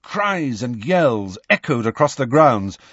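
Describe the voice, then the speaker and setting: A man narrating an audiobook in an expressive storytelling manner. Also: mid-range voice, takes it slowly, husky, no room sound, muffled recording. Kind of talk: scripted narration.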